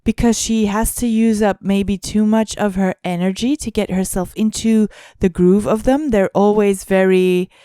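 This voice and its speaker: A woman's voice: mid-range voice, steady tone, moderate pace, hardly any pauses, warm tone, clean tone, no room sound, studio quality. A woman co-hosting a podcast, musing aloud in casual chat and often searching for words. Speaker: podcast co-host.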